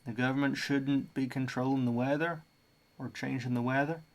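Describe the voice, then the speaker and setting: A man's voice: mid-range voice, steady tone, normal speed, close to an everyday voice. An Australian man putting on a Southern US accent to voice a grumbling man who complains about the government. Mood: indignant. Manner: indignant, complaining.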